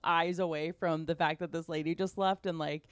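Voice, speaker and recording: A woman hosting a podcast, also a comedian, telling a story casually with fillers and animated asides. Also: low voice, normal speed, smooth, no room sound.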